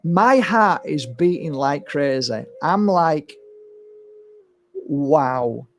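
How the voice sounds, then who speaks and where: A middle-aged man with a high-pitched voice speaks in a casual, animated monologue, like a healer talking straight to his viewers. He tells stories with energy and mimics what others said. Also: slow, faint music behind. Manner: animated storytelling, swears, acts out voices. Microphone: streaming setup.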